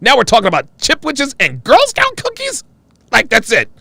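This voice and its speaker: Excitable man hosting a live stream. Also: very high voice, normal speed, gravelly, no room sound. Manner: excitable, loud exclamations, frequent laughing. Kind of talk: casual live-stream reaction chat.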